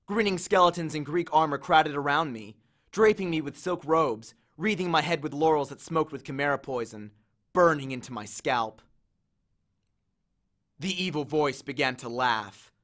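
Man reading an audiobook, higher voice. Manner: measured, expressive storytelling. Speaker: audiobook reader. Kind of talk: first-person audiobook narration.

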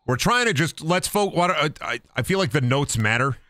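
A young man streaming a ghost-hunting game, cracking profane jokes and dropping into goofy voices as he goes. His voice is bright and lively, swinging widely in pitch, and the sound is dry and close with no room around it. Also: moderate pace, dry recording. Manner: joking, profane, slips into silly put-on voices. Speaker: gaming streamer. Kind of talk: casual live-stream commentary while playing.

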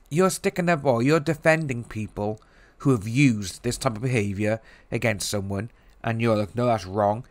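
Animated, mocking male vlog host. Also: medium pitch, dry recording. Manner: animated and mocking, mimics people he talks about. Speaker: YouTube channel host. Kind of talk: casual commentary vlog.

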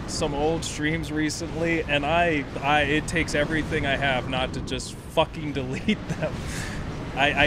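A man's voice: fairly high pitch, noisy background. A young man streaming a game live, chatting, laughing often, swearing and bantering with his chat. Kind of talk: live gameplay commentary.

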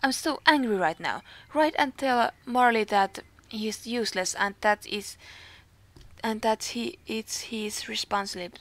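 A woman's voice: a little high, unhurried, no room sound, close to an everyday voice. A woman with a Finnish accent reading aloud as a hot-tempered female stable keeper in a game, stumbling and restarting words. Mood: angry.

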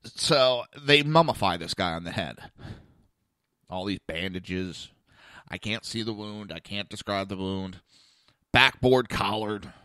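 A man's voice: fairly low pitch, slow pace, long pauses, no echo, clean studio sound. A man hosting a talk show, telling a blunt story in a casual monologue and acting out the other people's voices. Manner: blunt, animated, acts out quoted voices.

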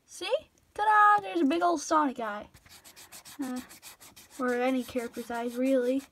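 In a high voice at normal speed, a drawing tutorial vlogger chats casually while she draws, rambling off-topic, apologizing and interrupting herself.

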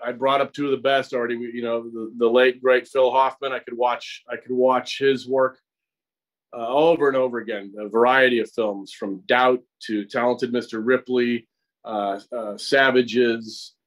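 A man's voice: mid-range voice, flat delivery, moderate pace, poor audio. Middle-aged American actor explaining his craft. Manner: explains at length, with frequent restarts and repeated words. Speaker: actor and acting teacher, guest. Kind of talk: conversational interview. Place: acting studio.

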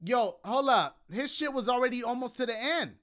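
Slangy, animated male game commentator. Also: extremely high pitch, normal speed. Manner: animated, slangy, bursts into loud exclamations. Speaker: gaming commentator. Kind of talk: casual let's-play commentary. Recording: game music playing underneath.

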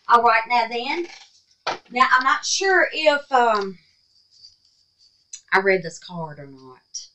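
A woman's voice: a little high, animated, takes it slowly, long pauses, pushed and bright, slight background noise, poor audio. A woman hosting a crafting vlog at home, chatting in a folksy, affectionate way and often dropping to a near whisper. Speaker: crafting channel host. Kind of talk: casual crafting vlog chat.

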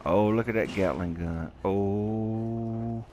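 A man's voice: fairly low pitch, lively intonation, measured pace, vocal fry, a little hiss or hum. A man giving rambling, casual commentary as he plays a game and talks to himself. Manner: rambling, self-talking, easily confused. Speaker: gameplay video creator. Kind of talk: casual let's play commentary.

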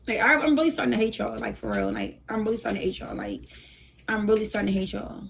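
A woman's voice: mid-range voice, wildly swooping pitch, quick pace, creaky, a little hiss or hum. A young woman hosting a livestream, swearing and scolding her viewers while begging them for gifts. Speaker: livestream host. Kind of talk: casual livestream talk.

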